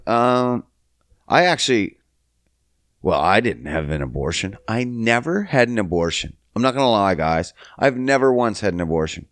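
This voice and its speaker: A young adult man from Canada hosting a solo comedy podcast, profane and sing-song, jumping up high for silly bits. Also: animated, normal speed, no room sound. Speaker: podcast host.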